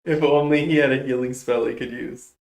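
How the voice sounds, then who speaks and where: Young man, gamer streamer, casual chat, jokey, quick reactions, roomy echo. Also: mid-range voice, fairly even intonation, a little mellow.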